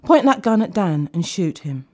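A woman voicing a male crime boss who speaks softly, slickly and with menace. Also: fairly low pitch, sing-song, normal speed. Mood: silky.

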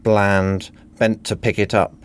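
Deadpan man reading a comic parody. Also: on the low side, slow, smooth. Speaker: narrator. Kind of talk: comic parody read-aloud.

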